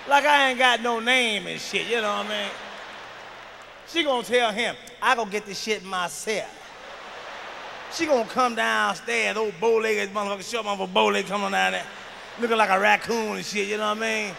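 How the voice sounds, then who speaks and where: Male stand-up comic, very high and bright, cursing and shouting; live hall echo, faint noise. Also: moderate pace, creaky. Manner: profane, shouting, fired-up storytelling. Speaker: stand-up comedian. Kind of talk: stand-up comedy routine.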